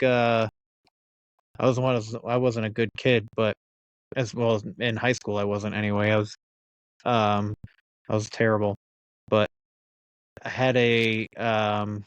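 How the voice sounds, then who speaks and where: A man's voice: mid-range voice, clear, resonant tone, no echo. A man from the United States hosting a podcast, chatting casually with laughs and the odd swear word. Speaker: podcast host.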